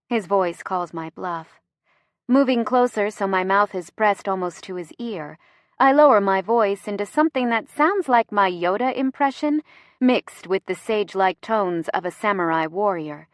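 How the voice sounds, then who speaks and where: A woman reading first-person narration for a romance audiobook, expressive and close to the mic. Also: medium pitch, moderate pace, no echo.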